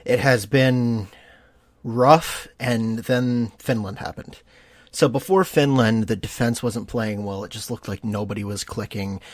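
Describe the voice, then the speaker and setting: A man speaks on a casual sports podcast in an earnest, reflective way, often restarting as he searches for words. His pitch sits in an ordinary middle range. The recording is dry and close. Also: a little slow, no room sound. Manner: earnest, thinks aloud with restarts and fillers. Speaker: podcast co-host.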